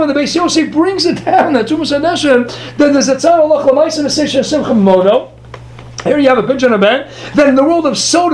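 High-voiced man teaching a Torah class. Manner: reads Hebrew sources then translates them into plain English; lively storyteller, quick asides to the listeners.

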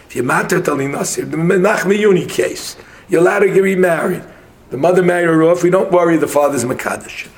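A man in a casual Talmud study session, arguing a passage quickly and mixing English with Hebrew and Aramaic terms. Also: on the high side.

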